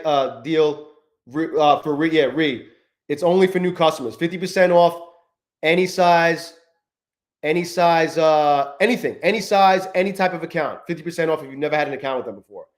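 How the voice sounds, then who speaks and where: A man's voice: fairly high pitch, a little fast. A man live-streaming his trading, swearing often and berating himself, breaking off to greet viewers from the chat by name. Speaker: livestreaming day trader.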